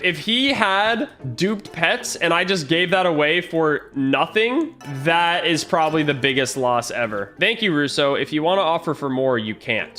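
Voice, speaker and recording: A man's voice: a little high, bright, forceful tone. A man giving casual gameplay commentary as a gaming YouTuber. He chats with viewers and thinks aloud as he tallies trade values. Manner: talks straight to viewers.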